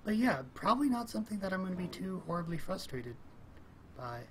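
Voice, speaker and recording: Talking a little fast, a chatty let's play gamer works through a maddening climbing game, thinking out loud and wandering off on tangents. Little laughs and abrupt exclamations keep popping up in his everyday mid-pitched voice. His home desk microphone leaves a steady, clear hiss beneath the audio.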